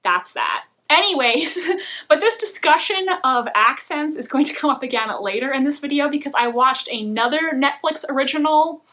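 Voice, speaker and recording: A young woman talks through her recent TV watching in a relaxed vlog, chatty and opinionated. Her voice sits high and bright, and she often laughs mid-sentence. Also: normal speed. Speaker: book and TV vlogger. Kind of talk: casual review chat.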